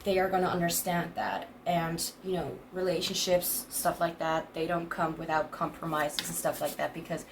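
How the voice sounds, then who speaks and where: A woman's voice: on the low side, level tone, moderate pace, hardly any pauses, slight background noise. A woman in her twenties giving a casual tarot reading, rambling and hesitant with many fillers and restarts, laughing often between thoughts. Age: 20s. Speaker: tarot reader.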